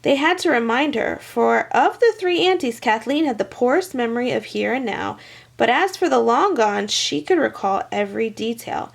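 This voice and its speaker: A woman's voice: on the high side, lively intonation, moderate pace, creaky. A woman reading a children's picture book aloud, adding chatty asides for young listeners. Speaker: children's story reader.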